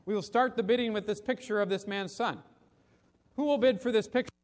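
A man's voice: sits high, fairly quick, pitched above the performer's own voice, lightly acted. A man voicing an auctioneer, a firm older man calling out bids and then making a grave announcement. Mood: insistent. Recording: long reverb of a big hall.

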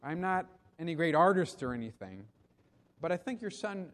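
A man's voice: fairly high pitch, very animated, moderate pace. A man doing a humble, hesitant young soldier. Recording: long reverb of a big hall.

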